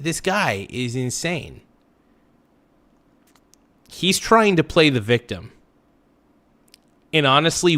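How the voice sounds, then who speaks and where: A man's voice: mid-range voice, sharp tone, dry recording. A man hosting a livestream reaction, ranting bluntly and emphatically, hammering his points home by repeating them.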